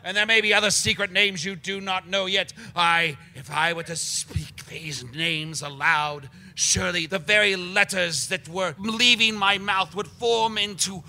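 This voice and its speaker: A man's voice: sits high, a little slow, few pauses, bright, forceful tone, heavily acted. A man playing a pompous, rambling aging wizard in improvised comedy, proclaiming grand titles and trailing off wearily. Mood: grandiose. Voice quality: gravelly, boastful.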